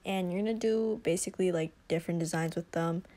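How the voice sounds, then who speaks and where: A woman's voice: lowish voice, fast, warm tone. A young woman talking through a craft tutorial in a casual, profane, chatty way, a little out of breath from talking close to the mic. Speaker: vlogger. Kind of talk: casual DIY tutorial voice-over.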